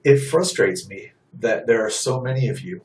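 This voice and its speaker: A man's voice: fairly low pitch, moderate pace, a little mellow, far from the mic, a little hiss or hum, rough recording. A man giving an impassioned sermon, blunt and emphatic, driving points home by repeating them. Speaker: street preacher.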